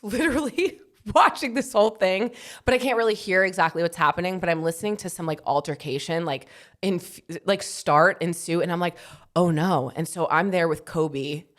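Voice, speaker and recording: A woman's voice: fairly low pitch, normal speed, fairly bright tone. A pregnant woman in her thirties co-hosting a podcast, chatting casually with lots of fillers and frequent laughs. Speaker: podcast co-host. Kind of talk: casual chat.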